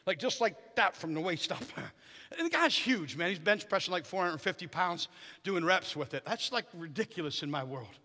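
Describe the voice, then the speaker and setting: A middle-aged man preaching as a guest in a church, telling stories with animated energy that builds to fervent shouting. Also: high-pitched, normal speed. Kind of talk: sermon. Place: church sanctuary. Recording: reverberant church hall.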